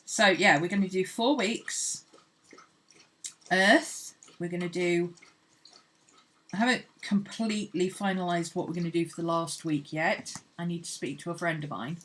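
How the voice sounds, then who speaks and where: At a normal speed and with a fairly low pitch and fairly bright tone, a woman rambles happily while sketching for her art channel. She's chatty and laughs easily, and a bit of background noise can be heard.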